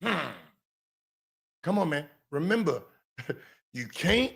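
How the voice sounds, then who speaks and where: High husky-voiced mocking man. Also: big pitch swings, slow pace, pauses often. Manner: mocking, loud, laughing and shouting at times. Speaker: host reacting to clips. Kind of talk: casual reaction commentary.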